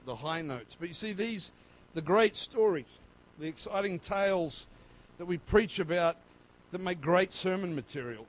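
A man preaching a sermon as pastor, swinging between loud, fervent passages and quiet, low stretches. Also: rough recording.

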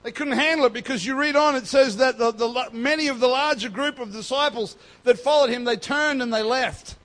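A man giving a sermon as pastor, emphatic and swinging between loud and soft. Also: very high voice, a little fast.

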